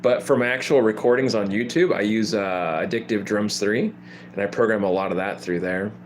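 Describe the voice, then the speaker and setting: A man's voice: fairly low pitch, brisk, slight background noise. A man in his thirties hosting a casual guitar livestream, laid-back and chuckling, saying "man" and "dude" a lot. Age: 30s. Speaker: livestream host.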